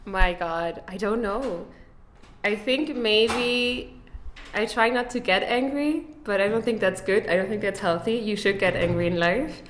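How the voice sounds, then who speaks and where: A woman guest in a casual podcast chat, telling lively stories, laughing often and acting out what others say. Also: mid-range voice, a little slow, a little hiss or hum. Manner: lively storyteller, laughs often, acts out quotes. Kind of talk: casual conversation. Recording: roomy echo.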